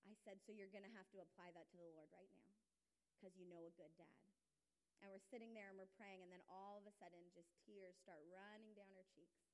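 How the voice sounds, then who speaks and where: A young woman giving a sermon, telling stories with animated swings between soft and loud. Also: mid-range voice, a little fast, in a large hall, low-quality recording. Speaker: conference speaker.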